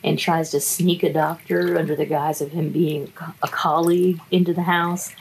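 A woman's voice: low voice, level tone, moderate pace, slight background noise, poor audio. A woman in a casual, wry book review chat who laughs often between her remarks.

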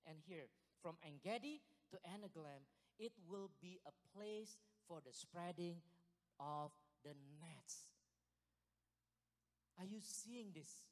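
A high-pitched man preaching with restless excitement, swinging from hushed lines to shouted peaks and laughing along the way. He sounds a little out of breath as he goes. His voice rings through a church hall with a long reverb tail. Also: takes it slowly. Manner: excitable, animated, loud bursts and laughs. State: sweating, short of breath at times. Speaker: pastor. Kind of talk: sermon.

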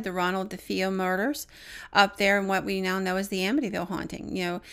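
A woman's voice: medium pitch, fairly bright tone, clear, resonant tone. Chatty woman co-hosting a podcast. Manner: chatty storyteller with fillers. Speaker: podcast co-host, paranormal investigator. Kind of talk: casual podcast chat.

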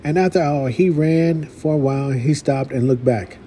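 A man's voice: a little high, moderate pace, mellow, slight background noise. A man reading a storybook aloud, with folksy, playful asides.

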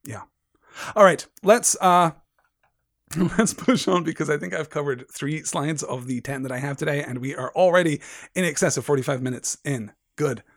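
A man's voice: on the high side, moderate pace, dry recording, studio quality. A man hosting a book-discussion stream, talking in full sentences and often repeating words while he builds a point. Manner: articulate, repeats words as he gathers thoughts. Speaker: podcast host. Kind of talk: literary discussion and read-aloud.

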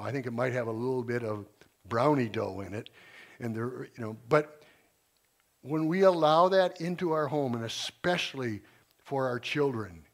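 An older man in his sixties speaks to his church congregation in a loose, earnest way, circling back and restarting his sentences as he goes. His voice sits at an ordinary middle pitch, and he sounds like a retired schoolteacher sharing his convictions. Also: creaky. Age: 60s. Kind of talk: informal sermon talk.

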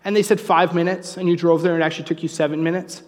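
A man preaching a sermon, conversational and joking, with animated asides. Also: on the high side, very fast, in a large hall. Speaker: pastor. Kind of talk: sermon with humorous story.

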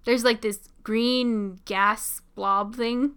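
Giggly young woman, bright clear voice. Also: on the high side, drawn-out words. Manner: chatty, giggly, excitable, many "like" fillers. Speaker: show reaction commentator. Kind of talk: casual live reaction commentary.

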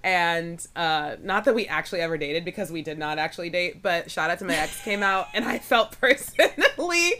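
Bright-voiced chatty young woman. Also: lowish voice, a little fast, hardly any pauses, clean tone, faint music behind. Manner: chatty, giggly, many fillers. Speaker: podcast co-host. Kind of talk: casual chat.

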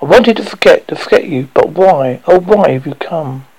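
A man's voice: fairly high pitch, lively intonation, moderate pace, a little mellow, husky, low-quality recording. A man reading aloud voices a frightened young woman who pleads breathlessly with her lover. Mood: pleading.

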